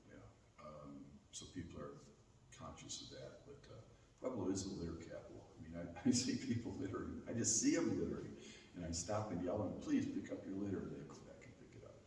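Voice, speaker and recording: An American man who owns a gallery, chatting in an interview, halting and laid-back with many restarts. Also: sits low, dark tone, slight background noise. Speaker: gallery owner. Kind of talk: casual interview chat. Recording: roomy echo, mic far off.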